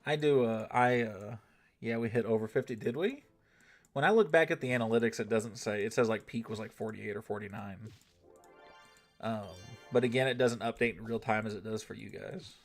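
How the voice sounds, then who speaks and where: A man's voice: fairly low pitch, brisk, soft background music. Casual, rambling gaming streamer man. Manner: loose, rambling, swears freely and keeps asking "right?". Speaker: gaming livestream host. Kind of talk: casual chat with a live audience.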